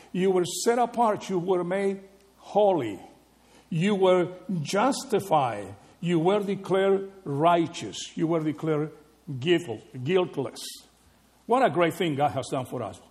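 A male pastor delivering a sermon in a slightly higher-pitched voice. He talks in a lively, conversational way and keeps checking in with his listeners through rhetorical questions. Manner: animated, rhetorical questions with frequent "right?".

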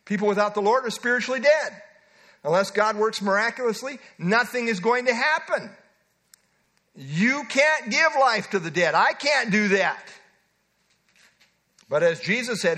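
A male pastor delivers an expository sermon in a high-pitched voice. He teaches earnestly and acts out the quotes he reads. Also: animated, unhurried, pauses often, bright, forceful tone.

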